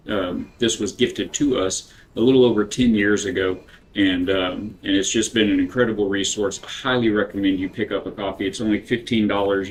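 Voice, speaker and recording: Guy streaming a game, lowish voice, earnest easygoing chat, faint hum behind him. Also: rough recording. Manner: earnest, unhurried talk with a devotional bent. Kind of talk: casual livestream chat.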